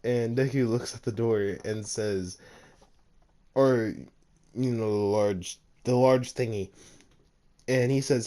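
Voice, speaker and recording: A man's voice: mid-range voice, steady tone, slow, pauses often, warm tone. A man casually narrating a fan-made story, rambling with lots of fillers and laughing at his own slips.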